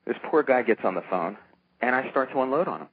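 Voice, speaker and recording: A man's voice: medium pitch, expressive, quick pace. An older man, a comic book producer, telling stories in a casual interview and acting out the voices of the people he quotes. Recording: tinny phone-line sound with faint noise.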